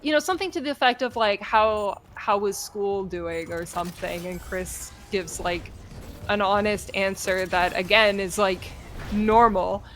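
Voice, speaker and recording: A woman's voice: mid-range voice, moderate pace, a little hiss or hum. A woman streamer casually retelling a story in a rambling way, with many fillers.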